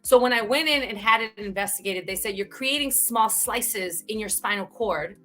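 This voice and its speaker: Bright, animated woman telling her story. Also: mid-range voice, moderate pace, faint music behind. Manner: animated, frequent "right?" tags, bursts of laughter. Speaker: guest speaker. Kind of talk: candid conversational storytelling.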